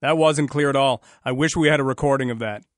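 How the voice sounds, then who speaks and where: A man's voice: medium pitch, fast talker, no room sound, clean studio sound. A man from Canada hosting a radio talk show, chatty and sarcastic, sometimes joking in mock voices.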